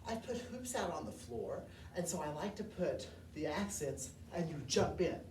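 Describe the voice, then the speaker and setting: A woman's voice: deep voice, sing-song, normal speed, darkish tone, slight background noise. A woman who teaches elementary music, leading a movement lesson and singing scale notes and counts aloud. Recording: echoey room heard from a distance.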